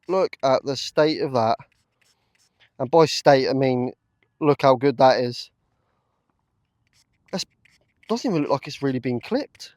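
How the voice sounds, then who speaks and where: A man talking to camera in an open field, chatty and full of ums and uhs, quick to get excited. His voice sits at an ordinary middle pitch. The sound is close and dry, with no room around it. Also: no room sound. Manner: chatty, excitable, lots of fillers. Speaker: metal detecting vlogger. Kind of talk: casual commentary to camera.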